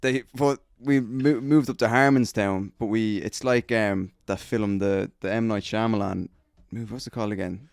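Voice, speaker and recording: A man's voice: fairly low pitch, fairly even intonation, moderate pace, gravelly, few pauses, no room sound, clean studio sound. A man with a Dublin accent, co-hosting a podcast in casual, rambling, profane chat, recorded in a shed. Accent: Dublin Irish. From Dublin, Ireland. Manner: rambling, profane, full of restarts. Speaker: podcast co-host. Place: garden shed studio.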